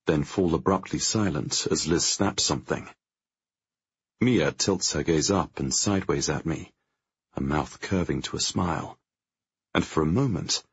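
A man narrating a first-person audiobook in a tense, measured way, with a gravelly, husky voice. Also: deep voice, no room sound. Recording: dry, dull lo-fi audio.

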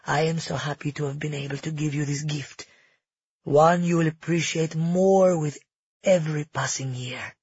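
A man voicing a scheming elderly queen who speaks in slow, grand pronouncements with a husky voice. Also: fairly high pitch, steady tone, darkish tone, no room sound, lo-fi sound. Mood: proud.

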